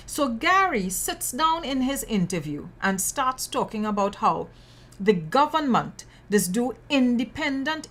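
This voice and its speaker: A woman with a Trinidadian accent hosting a news commentary podcast, outspoken and sassy, full of local slang and emphatic repetition. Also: medium pitch. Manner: emphatic, repeats words for effect. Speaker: podcast host.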